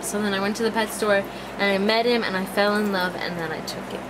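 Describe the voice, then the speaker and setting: A woman's voice: mid-range voice, steady tone, fast, background noise. A young woman filming her dogs outdoors on a handheld camera, laughing often and chatting playfully in baby talk to her pets. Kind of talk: casual home video chat. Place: outdoors at sunset.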